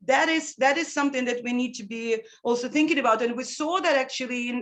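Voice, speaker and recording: Woman panelist, high pitch, impassioned, stumbling restarts. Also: a bit bright, poor audio. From Ukraine. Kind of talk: panel discussion.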